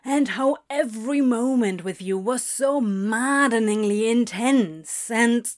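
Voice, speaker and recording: A woman voicing a tipsy, evasive male demon in a fan fiction reading, mumbling and halting. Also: fairly high pitch. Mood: yearning.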